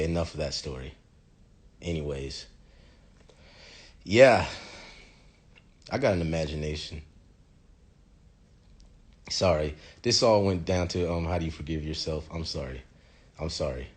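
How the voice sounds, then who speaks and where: Man, vlogger, deep voice, husky, animated, dramatic storytelling. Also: moderate pace, long pauses. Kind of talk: casual monologue storytelling.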